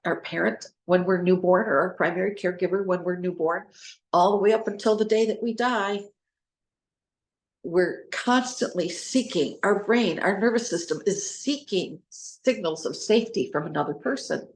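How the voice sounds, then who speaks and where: A woman's voice: fairly low pitch, normal speed. A woman hosting an informal talk on trauma recovery, earnest and rambling, who spells words out and restarts her sentences. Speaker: host, trauma recovery speaker. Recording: echoey room.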